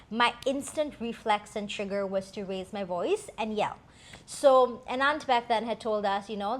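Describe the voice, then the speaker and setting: A woman co-hosting a talk show, telling a personal story in a candid, reflective way with many fillers. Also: medium pitch. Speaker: co-host.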